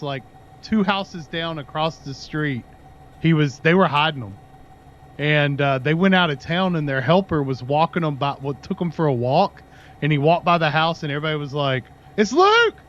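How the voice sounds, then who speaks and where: On his livestream, a man rambles through a long story in casual chat with viewers, pausing to talk to his dog. His voice sits on the high side with a fairly bright tone, though the highs are cut off.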